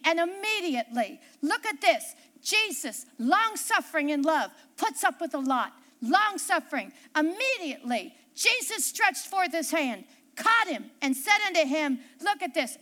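A middle-aged woman delivers a sermon with a very high, bright voice. She reads scripture slowly and deliberately, then acts out the voices she quotes with animated emphasis. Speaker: pastor.

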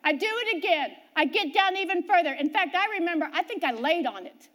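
Preaching briskly in a very high-pitched voice, a middle-aged woman recounts something from her own life during a sermon. Her volume rises and falls in lively swings.

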